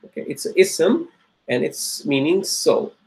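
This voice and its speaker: Male teacher, slightly higher voice, patient repeater, classroom lecture delivery. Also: very animated, creaky, darkish tone, rough recording. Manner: repeats words slowly, asks checking questions. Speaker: Arabic teacher.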